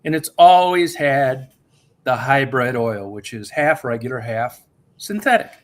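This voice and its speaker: A man in mid-pitched casual chat, ranting and swearing freely as he tells a long grievance story. He talks like a host catching up with a regular listener. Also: expressive, unhurried.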